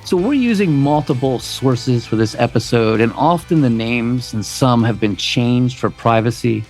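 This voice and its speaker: A man's voice: mid-range voice, lively intonation, unhurried, a little mellow, soft background music. A man co-hosting a podcast, reading a true crime story from a script and dropping his voice at the grim parts. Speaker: podcast co-host.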